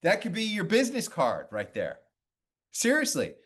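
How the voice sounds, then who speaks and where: A man coaching a guest on her media clips, then telling a story about his own past in a blunt, animated way with casual swearing. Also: high voice, moderate pace.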